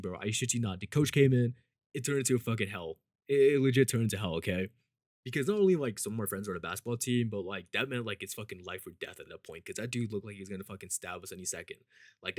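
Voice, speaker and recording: Dude rambling thru a story, lots of swearing and "like", does the voices of the people in it, dry sound. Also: male voice, no room sound. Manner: rambling, swears a lot, fillers like "like" and "you know"; acts out quoted people with shifts in pitch and loudness. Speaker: vlogger telling a story. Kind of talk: casual storytime.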